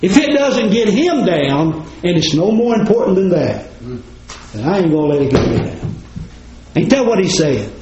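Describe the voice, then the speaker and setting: A man's voice: sits high, very animated, normal speed, background noise. A man preaching a sermon in a folksy, plain-spoken way, talking straight to his congregation. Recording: roomy, slightly dull recording.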